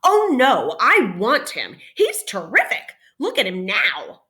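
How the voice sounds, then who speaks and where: A woman voicing a possessive, hot-tempered boy who yells and bosses. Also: wildly swooping pitch, slow, heavily acted. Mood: defiant. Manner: shrill yelling, bossy.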